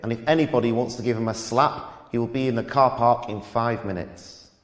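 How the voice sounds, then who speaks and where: A man's voice: mid-range voice, fairly even intonation, fairly quick, natural voice. A man playing a sarcastic, apologetic comedy club host speaking from the stage. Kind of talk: stage introduction. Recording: echoey hall with long reverb.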